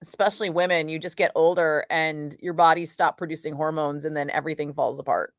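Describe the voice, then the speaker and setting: A middle-aged woman, chatting casually with viewers on a home livestream, animated and sweary as she tells stories. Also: low voice, brisk, dry recording, clean studio sound. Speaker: radio DJ chatting with live viewers.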